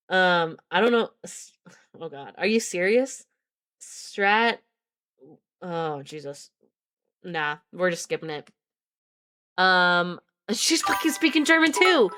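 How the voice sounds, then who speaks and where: A woman's voice: fairly low pitch, fairly bright tone. A woman reading a novel aloud on a live stream, breaking off to chat casually, laugh and swear at her viewers. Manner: casual, swears and laughs between read passages.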